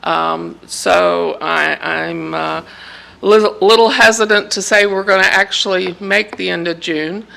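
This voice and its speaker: A woman's voice: lowish voice, fairly even intonation, measured pace, vocal fry, a bit bright, rough recording. A woman presenting a project timeline at a city meeting, hesitant and explanatory. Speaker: staff presenter.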